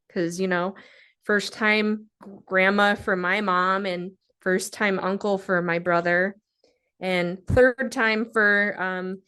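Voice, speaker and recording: A young woman recounting something painful on a podcast. She talks in a halting, emotional way, stopping often with ums and uhs, at an average pitch for a woman. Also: fairly bright tone, clean tone. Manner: halting, emotional, many fillers. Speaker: guest sharing a personal story. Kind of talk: podcast interview.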